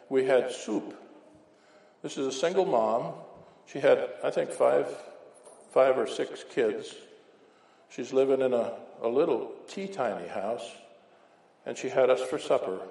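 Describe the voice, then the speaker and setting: A man's voice: medium pitch, vocal fry, mellow. Folksy preacher man in an echoey hall. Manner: folksy, conversational, asks "right?" often. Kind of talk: informal sermon with anecdotes. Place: church hall.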